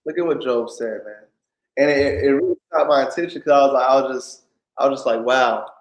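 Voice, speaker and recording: A man preaching informally on scripture, often pausing to ask "right?" and restarting his sentences. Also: medium pitch, highs cut off. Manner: keeps asking "right?", stops and restarts often. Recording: echoey room.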